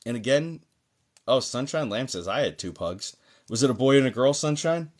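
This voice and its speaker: A man's voice: medium pitch, lively intonation, moderate pace, a little mellow. A man hosting a live-streamed mediumship session, talking chattily and reassuringly to viewers, with many fillers. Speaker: psychic medium host. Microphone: phone or desk mic on a live stream.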